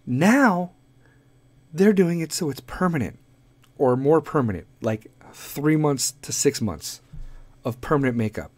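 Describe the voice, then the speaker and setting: A man's voice: fairly high pitch, lively intonation, measured pace, darkish tone, no echo. A man hosting a podcast, delivering a profane, rambling comedic rant. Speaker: podcast host.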